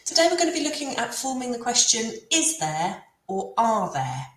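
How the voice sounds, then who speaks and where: A woman teaching a beginner language lesson, patiently repeating phrases slowly for learners. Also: a little high, sing-song, fairly bright tone. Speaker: French teacher. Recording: roomy with faint ambience.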